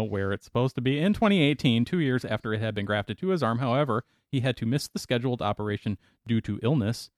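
A man's voice: mid-range voice, no echo, clean studio sound. Wry man reading out a news story. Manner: wry, laughs between lines of the story. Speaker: podcast co-host.

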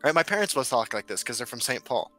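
A bright, forceful male voice, laid-back and quick to laugh, swearing now and then as he chats. Faint music runs underneath. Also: medium pitch, sing-song. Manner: laid-back, swears, laughs often, reads chat aloud. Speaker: stream co-host. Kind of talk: casual chat.

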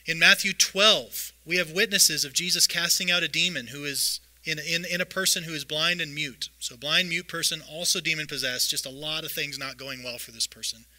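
A man preaching a sermon, reading scripture aloud and retelling the stories in a lively way. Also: fairly high pitch, normal speed, few pauses, rough recording. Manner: lively storytelling, reads scripture aloud with voiced asides. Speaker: pastor.

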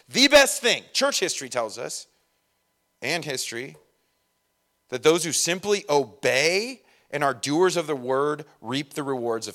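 A young man preaching a sermon in a casual, animated way, acting out quick voices of the people in his story. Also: on the high side. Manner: animated, acts out voices of disciples and Jesus. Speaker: pastor.

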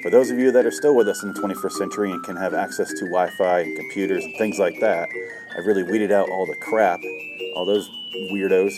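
A man's voice: low-pitched, a little fast, over music. A man hosting a comedy show, reading a list aloud and going off on a profane, sarcastic, exasperated rant. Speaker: comedy podcast host. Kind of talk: ranting comedic commentary reading from a book.

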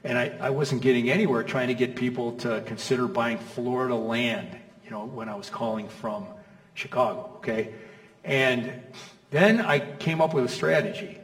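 A man's voice: medium pitch, moderate pace. Conversational preacher man in an echoey hall. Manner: conversational, stacks rhetorical questions, checks in with "okay?" and "you know?". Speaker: pastor. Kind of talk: sermon. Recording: echoey hall, mic from far off.

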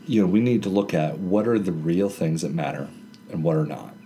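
A man's voice: deep voice, brisk, dark tone, a little hiss or hum. A man co-hosting a casual Bible study chat in a library, explaining ideas with everyday examples. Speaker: co-host discussing scripture.

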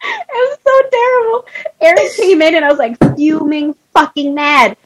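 A young woman co-hosting a podcast, telling stories in profane, animated casual chat. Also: high-pitched, normal speed, dry recording, low-quality recording. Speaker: podcast co-host.

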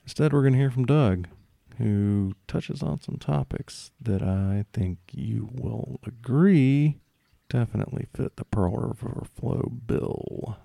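A man's voice: mid-range voice, takes it slowly, creaky, warm tone, no room sound. A man hosting a podcast in a joking, mock-indignant, rambling way. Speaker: podcast host.

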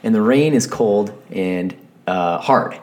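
A young man co-hosting a podcast, telling animated stories in casual chat and swearing freely. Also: lowish voice, slow. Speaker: podcast co-host.

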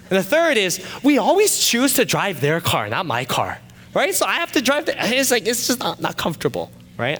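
A male pastor telling a personal story in a sermon, animated and shifting from loud excited retelling to quiet confession. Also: fairly high pitch, long reverb tail.

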